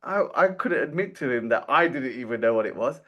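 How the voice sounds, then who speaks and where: Guest voice: man in his forties, animated storyteller who acts out quotes, medium pitch. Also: brisk, lo-fi sound. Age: 40s. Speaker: guest, dental marketing founder. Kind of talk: storytelling interview.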